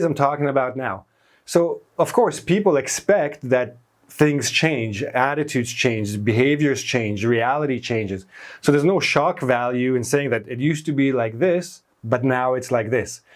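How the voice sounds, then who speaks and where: Male teacher, patient grammar lesson, mid-range voice, leans on key words. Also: medium pitch. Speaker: English teacher.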